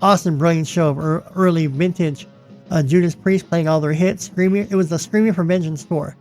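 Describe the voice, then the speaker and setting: Male vlog host, casual and rambling, gravelly tone, soft music bed under him. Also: on the high side, fairly even intonation, brisk. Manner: chatty, rambling, repeats himself. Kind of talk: casual magazine flip-through.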